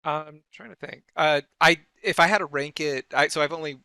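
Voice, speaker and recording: A man's voice: a little high, moderate pace, sharp tone, smooth, no room sound. A man co-hosting a podcast, chatting casually about a book, mostly giving short agreeing replies. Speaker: podcast co-host. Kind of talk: casual book review chat.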